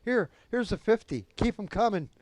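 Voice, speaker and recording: Guy doing a squeaky giddy young dude on nitrous, loud and breathless. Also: lively intonation, moderate pace, dry recording.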